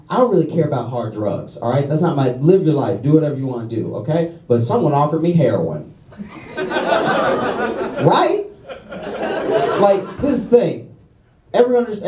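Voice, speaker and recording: A man's voice: a little high, background noise. A young man from Louisiana doing a stand-up comedy set on a club stage, casually tagging his lines with "all right?" and "okay?". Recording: roomy club sound, mic heard from a distance, audience laughter.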